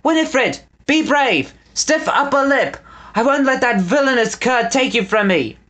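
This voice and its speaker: A man's voice: high-pitched, lively intonation, moderate pace, fairly bright tone, pitched above the performer's own voice. A pompous, blustering aristocrat from a storybook, played by a man reading aloud. His voice jumps far above the reader's own and swings about with each theatrical cry. He speaks in grand, stiff-upper-lip declarations. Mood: frantic.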